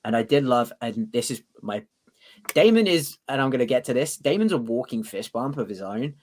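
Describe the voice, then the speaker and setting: In a casual podcast debate, a mid-range-voiced man co-hosting the show gets excited, talking in fast bursts and restarting often. He curses and acts out any scenes he quotes.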